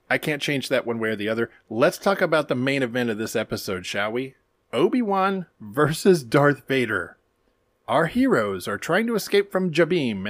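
A podcast co-host runs through an episode recap in a casual, animated way, tossing in wry jokes and the odd swear word. His voice sits at an ordinary middle pitch for a man. The sound is dry, with no room echo.

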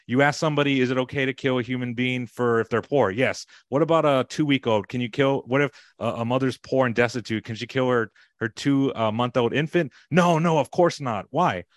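A man's voice: mid-range voice, a little fast, few pauses, no room sound. Casual man host, dry close sound. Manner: conversational, with filler words. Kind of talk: casual discussion.

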